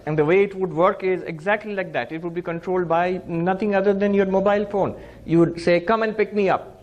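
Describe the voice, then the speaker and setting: A man's voice: high voice, a little fast, muffled recording. A man teaching Vedanta as a monk, telling a parable with acted-out dialogue. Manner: animated storyteller, acts out characters' lines, chants Sanskrit verse. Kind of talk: spiritual lecture with storytelling.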